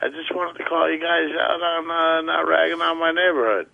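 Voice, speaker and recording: A man's voice: on the high side, steady tone, gravelly, no room sound. A man calling in, defensive and a little slurred-sounding, over a phone line. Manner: defensive, slow, mumbling. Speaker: caller. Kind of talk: phone-in call.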